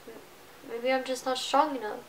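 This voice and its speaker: A woman in her twenties speaks to camera in a fairly high voice, halting and emotional, often breaking off and starting over. A faint hum sits under the recording. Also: steady tone, poor audio. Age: 20s. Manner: halting, emotional, many restarts. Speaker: vlogger. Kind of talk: personal vlog confession.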